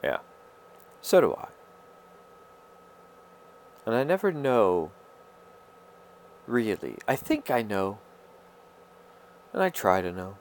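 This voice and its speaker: A man with a lowish, very animated voice speaks straight to his viewers in a rambling personal monologue, halting and stammering as he searches for words. There's slight background noise.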